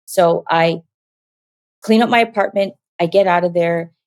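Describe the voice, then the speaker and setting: Lowish woman guest telling her story, lively, acts out the quotes, dry close sound. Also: a little slow, no room sound. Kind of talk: telling a personal story in an interview.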